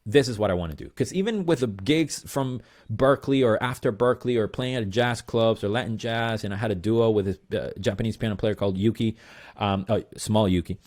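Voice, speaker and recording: A man with a fairly low voice tells stories as an interview guest. He talks in an animated, rambling way, full of fillers and asides. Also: brisk. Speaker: guest musician. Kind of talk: storytelling interview chat.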